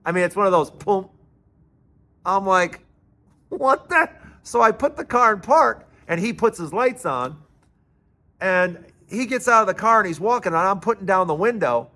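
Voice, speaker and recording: Guy hosting his own show, rambling through a story, bright punchy voice. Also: high voice, moderate pace. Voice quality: chatty, animated storyteller. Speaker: commentator and show host. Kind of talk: casual storytelling monologue.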